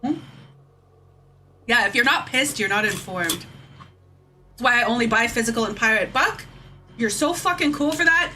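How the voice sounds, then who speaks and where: A woman's voice: on the high side, animated, normal speed, long pauses, bright, forceful tone, soft background music. A woman streamer ranting heatedly and profanely to her chat, taking drinks as she goes. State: drinking shots. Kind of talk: casual livestream rant.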